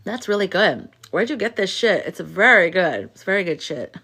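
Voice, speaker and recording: A woman's voice: on the low side, very animated, normal speed, pushed and bright, husky, exaggerated voice. Lady doing a smug person going mm that's so good, mocking. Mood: mocking relish. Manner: mocking, lip-smacking relish. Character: smug person savoring something gross.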